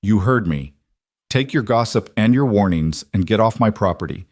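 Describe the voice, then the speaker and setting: A man voicing a quiet cowboy who speaks in a calm, measured and firm way. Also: fairly low pitch, dry recording, clean studio sound.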